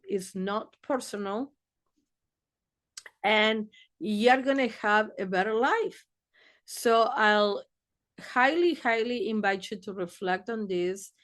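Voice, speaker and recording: A woman therapist giving casual advice, blunt and swearing freely, acting out little exchanges as she talks. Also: mid-range voice.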